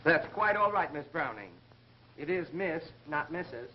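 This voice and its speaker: A man's voice: fairly high pitch, lively intonation, moderate pace, close to an everyday voice. An actor playing a cheeky male insurance salesman who flirts and wisecracks. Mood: flirty. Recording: 1930s film soundtrack, dull and hissy.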